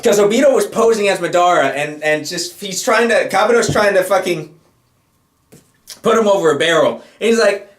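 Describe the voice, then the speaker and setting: A young man hosting a casual chat, joking and swearing in an animated way. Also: high-pitched, a little fast, reverberant.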